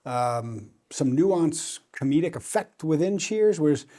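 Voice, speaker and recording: American guy, bit of boston accent, blunt and emphatic, lots of restarts, mellow low-key tone. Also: lively intonation, a little slow. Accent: American, faint Boston. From Boston, USA. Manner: direct, emphatic, many restarts. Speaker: guest, private equity banker. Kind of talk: casual podcast chat.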